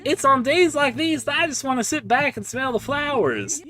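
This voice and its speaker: A man's voice: very high voice, expressive, normal speed, sharp tone, pitched above the performer's own voice, exaggerated voice. A man voicing a crude, rambling hillbilly tomato farmer with a put-on Southern drawl while streaming a game. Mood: folksy.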